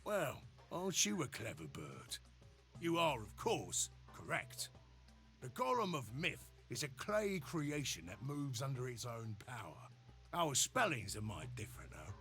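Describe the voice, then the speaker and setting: Brief: a gravelly, bright-edged robot workman from a game, chummy and slangy, over faint music. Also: medium pitch, wildly swooping pitch, a little slow, full character voice. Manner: folksy slangy banter. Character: cheery working-class male robot laborer.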